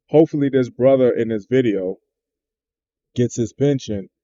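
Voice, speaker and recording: Laid-back low-voiced man reacting. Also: mellow. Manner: laid-back, drawls, says "man" a lot. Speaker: trucking channel host. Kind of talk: reaction commentary. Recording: dull lo-fi sound.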